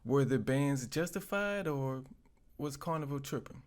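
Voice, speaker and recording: A man hosting an online commentary show talks in a relaxed, conversational way, at an average pitch. He introduces stories and reacts to them casually. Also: unhurried. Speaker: YouTube commentary host.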